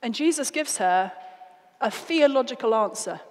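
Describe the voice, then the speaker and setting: A British woman giving an evangelistic talk, telling stories in an earnest, expressive way. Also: fairly high pitch, normal speed. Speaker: guest speaker. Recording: reverberant hall.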